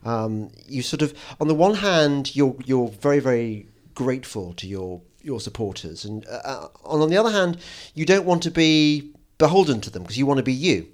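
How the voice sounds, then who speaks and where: Lively rambling man. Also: medium pitch, normal speed, hardly any pauses. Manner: rambling, stammers and repeats words. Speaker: podcast host. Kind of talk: casual chat.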